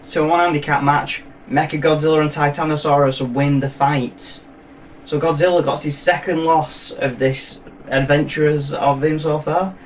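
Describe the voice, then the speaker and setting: A man's voice: on the high side, fairly even intonation, normal speed. A man recapping a film in a rambling, profane, jokey way. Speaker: film reviewer. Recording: voice from a distance, faint noise.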